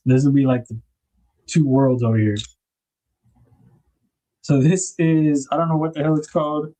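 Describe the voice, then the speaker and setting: A man's voice: medium pitch, mellow, low-quality recording. A man hosting a knife livestream, chatting casually and rambling as he unboxes gear. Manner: laid-back, rambling, thinks aloud with fillers.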